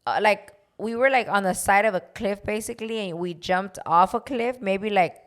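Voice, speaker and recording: A woman's voice: medium pitch, normal speed. A woman co-hosting a podcast in casual chat, laid-back and full of "like", switching into Spanish phrases now and then. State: tired after a flight. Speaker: podcast co-host.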